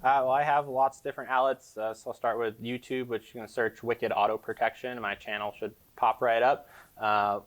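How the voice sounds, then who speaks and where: A young man from the Boston area, a car detailer talking casually as an interview guest at a car shop, rambling with lots of fillers. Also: fairly low pitch.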